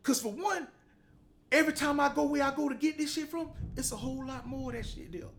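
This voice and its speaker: Blunt, profane, high-voiced preachy man. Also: brisk, gravelly, a bit bright. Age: middle-aged. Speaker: host of a motivational talk show. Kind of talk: unscripted motivational monologue.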